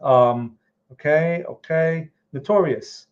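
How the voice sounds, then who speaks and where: A market analyst with a New Jersey accent hosts a live stream of chart commentary in a slightly high, a little mellow voice at a moderate pace. He's blunt and frank, often tacking on "right?", and the lo-fi audio sounds slightly muffled.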